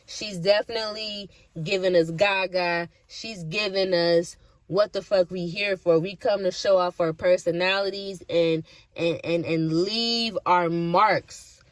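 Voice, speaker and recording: A woman's voice: fairly low pitch, steady tone, measured pace, no echo. A woman chatting casually in a reaction video, candid and profane, with lots of slang and asides. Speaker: vlogger reacting to an awards show.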